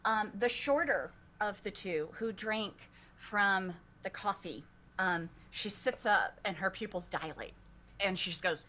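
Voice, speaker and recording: A woman running a tabletop game as game master, telling the scene at an unhurried pace. Her voice is bright and her pitch moves a lot. Faint noise sits under it. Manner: animated, descriptive storytelling.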